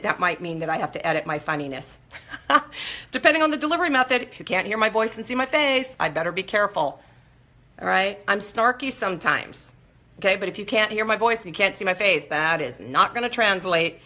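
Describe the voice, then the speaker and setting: Bright-voiced woman coaching live viewers. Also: mid-range voice, very animated, fairly quick. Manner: earnest, coaching, talks straight to viewers. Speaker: host of a live recovery support show. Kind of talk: live-streamed motivational talk.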